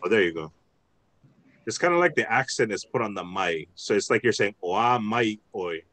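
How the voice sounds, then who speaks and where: A man's voice: lowish voice, sing-song, brisk, sharp tone, no room sound. A man teaching an online language class over a video call, patient and thinking aloud with many restarts.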